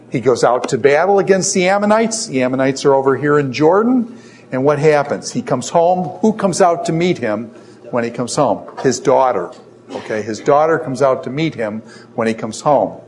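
A man's voice: medium pitch, lively intonation, normal speed, a little mellow. A middle-aged man teaching a lecture on scripture, who poses questions and then answers them himself. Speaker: Bible teacher.

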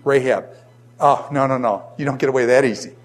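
A man with a Boston accent teaching a Bible lesson to a class, animated and firing rhetorical questions. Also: medium pitch, brisk.

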